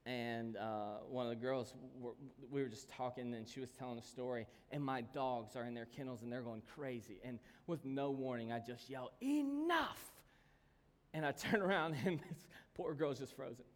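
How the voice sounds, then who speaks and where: A man preaching a sermon, telling stories and swinging from calm talk to sudden shouts. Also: medium pitch, normal speed, hardly any pauses. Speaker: pastor. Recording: long hall reverb.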